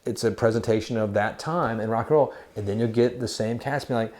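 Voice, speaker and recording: A man in his forties co-hosts a relaxed talk about rock music. He rambles freely, restarts his sentences and drops filler words, and he slips easily into giggles. His voice sits at an ordinary middle pitch. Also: fairly quick. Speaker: podcast co-host. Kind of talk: casual chat.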